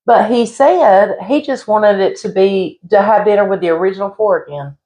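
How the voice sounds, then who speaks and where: A woman's voice: mid-range voice, moderate pace, rough recording. A middle-aged woman, co-hosting a podcast and telling chatty family stories. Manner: chatty, animated storyteller. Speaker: podcast co-host. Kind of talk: casual chat.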